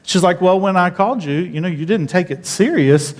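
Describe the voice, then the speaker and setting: A man, a pastor, telling a story in a sermon and getting animated as he retells his outrage. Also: high-pitched, fairly quick. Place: church auditorium. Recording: church hall reverb.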